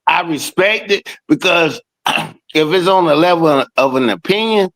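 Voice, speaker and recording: This man chats on a podcast call in a loose, swearing style, sometimes through a mouthful of food. His voice sits slightly higher than most men's and he gets animated as he argues. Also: measured pace, rough recording. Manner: profane, animated, talks while eating. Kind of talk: casual chat. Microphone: streaming call.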